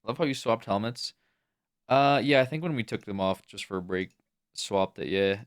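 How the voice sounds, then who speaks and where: A man's voice: on the low side, expressive, normal speed, smooth. A young adult man chatting casually on a livestream, rambling with lots of fillers. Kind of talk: casual stream chat.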